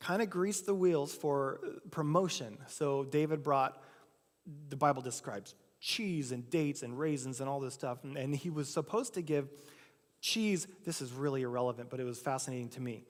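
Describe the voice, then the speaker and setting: A pastor delivers a sermon in a church sanctuary, his mid-range voice moving at normal speed amid long hall reverb. He tells a story casually, acting out the quoted lines himself.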